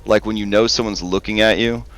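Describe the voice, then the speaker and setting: A man narrating as game master in a relaxed, hesitant way with many pauses and ums. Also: fairly low pitch.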